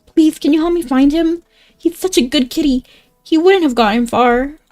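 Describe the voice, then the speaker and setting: A woman's voice: high voice, moderate pace, darkish tone, voice pushed up, close to an everyday voice. Woman doing a sweet little village girl. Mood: pleading. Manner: earnest, pleading. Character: sweet little village girl who lost her cat.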